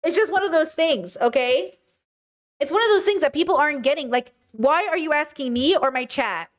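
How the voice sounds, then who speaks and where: A woman's voice: high voice, expressive, normal speed. A woman hosting a livestream, reading chat comments aloud and answering them bluntly, with frequent swearing and exasperation. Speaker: livestream host.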